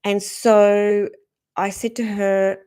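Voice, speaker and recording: A woman, a spiritual speaker, earnestly recounting a personal story in a gentle, reflective way. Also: mid-range voice, little pitch movement, slow, smooth. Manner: earnest, gentle, acts out quoted dialogue.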